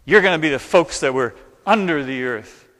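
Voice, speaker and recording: A man, a pastor, leads an interactive chapel talk, coaxing listeners in an animated way to act out the story. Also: on the high side, normal speed, background noise. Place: large chapel. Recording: reverberant hall sound.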